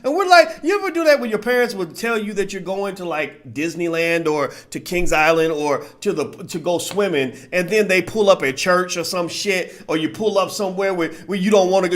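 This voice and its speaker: A man giving a casual, animated monologue as a commentator, often tagging his points with a rhetorical "right?". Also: high voice, a little fast.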